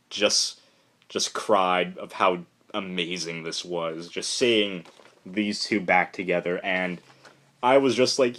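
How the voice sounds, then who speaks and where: A young man giving a casual, rambling spoken review of a comic, retelling the plot excitedly with lots of fillers. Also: low voice.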